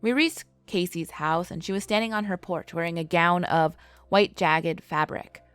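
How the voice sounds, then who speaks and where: A woman telling a first-person scary story in a measured, scripted narration. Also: fairly low pitch, a bit bright, clear, resonant tone, dry recording.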